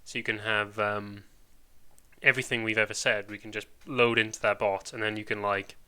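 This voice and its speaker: A man's voice: on the low side, flat delivery, moderate pace, sharp tone, clean tone. A man with a Welsh accent, chatting casually and rambling on a live stream, full of British slang.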